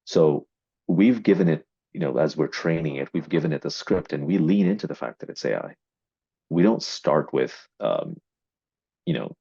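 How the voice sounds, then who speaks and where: A man's voice: a bass voice, lively intonation, normal speed, creaky, warm tone, slightly rough, dry recording. A man explaining AI marketing in a business discussion, with many fillers and repeated words. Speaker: AI investment marketing executive. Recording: dull, dry lo-fi audio.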